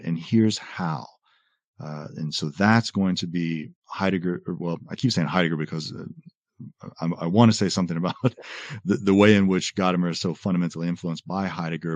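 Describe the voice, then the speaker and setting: A man explaining philosophy in a conversational lecture, quoting texts and often pausing on "uh" and "right?". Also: low voice, no echo, highs cut off. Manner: animated explainer, quotes texts, frequent "uh" and "right?". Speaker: podcast guest explaining philosophy.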